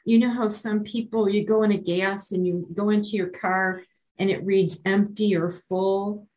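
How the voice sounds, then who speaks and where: A woman's voice: mid-range voice, fairly even intonation, moderate pace, darkish tone, low-quality recording. A middle-aged woman from Maryland giving a candid personal testimony at an online support meeting, hesitating often with ums and restarts. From Maryland, USA. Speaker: speaker sharing her recovery story. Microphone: online meeting call.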